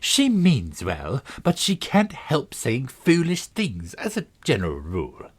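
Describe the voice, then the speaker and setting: A man's voice: medium pitch, wildly swooping pitch, measured pace, breathy edge, pitched above the performer's own voice, exaggerated voice. Red Queen: a man doing a haughty, bossy queen. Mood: imperious.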